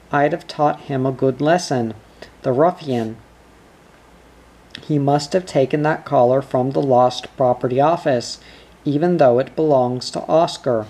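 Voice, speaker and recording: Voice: mid-range voice, a little slow, mellow. A storyteller voicing an indignant old barrel organ grinder with a long white beard.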